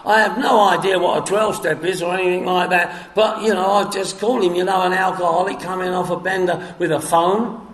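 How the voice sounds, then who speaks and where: A man's voice: sits high, steady tone, brisk, a bit bright, echoey room. An older man from England with a London accent, giving a rambling personal testimony at a recovery meeting. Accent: London English. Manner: rambling storyteller, acts out both sides of a phone call.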